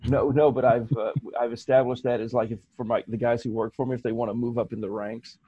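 A man's voice: mid-range voice, little pitch movement, fast, dark tone, slightly rough, no echo, muffled recording. A man chatting casually on a podcast, telling stories in a rambling, jokey way full of fillers. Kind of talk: casual chat.

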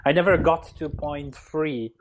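A man on a casual podcast, talking about games in a relaxed, rambling way. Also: a little high, a little slow, a little hiss or hum, low-quality recording.

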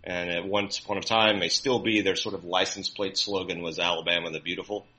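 Bright-toned man with dry wit. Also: deep voice, fairly even intonation, brisk, poor audio. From Mississippi. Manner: dry, wry humor, laughs easily. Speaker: podcast co-host. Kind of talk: casual podcast chat.

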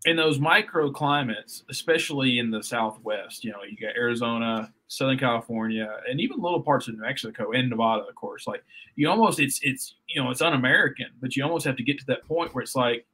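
Bright, husky man chatting. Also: mid-range voice, a little fast. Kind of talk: casual chat.

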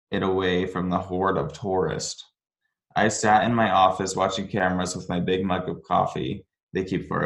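Reading a listener's scary story on his podcast, this man speaks in a low-pitched, creaky, fairly bright voice. His casual reading is broken up by comments and laughter, heard with a roomy echo.

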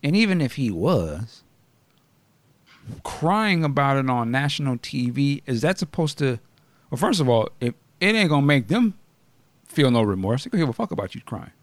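A male podcast host chatting casually with his co-hosts. He talks in a blunt, animated way, often laughing and asking questions. His voice sits in a middle range and is recorded dry and close, with no room echo. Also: medium pitch, moderate pace. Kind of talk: casual chat.

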